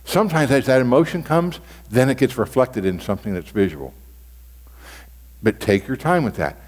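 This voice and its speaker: A man's voice: mid-range voice, lively intonation, moderate pace, darkish tone. A man teaching as a pastor in a conversational sermon style, often restarting and repeating his phrases. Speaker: pastor teaching on devotional reading. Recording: long reverb of a large hall.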